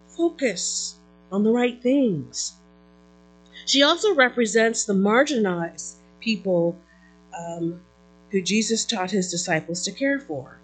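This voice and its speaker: A pastor preaching a sermon in an animated way, calling out to the congregation and often repeating words and restarting mid-phrase. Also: mid-range voice, slow, poor audio.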